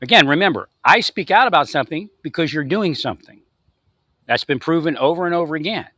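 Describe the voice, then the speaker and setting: A man's voice: a little high, animated, fast talker, pushed and bright, no echo, studio quality. A man delivering a confrontational monologue, angrily ranting at unseen opponents. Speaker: vlogger.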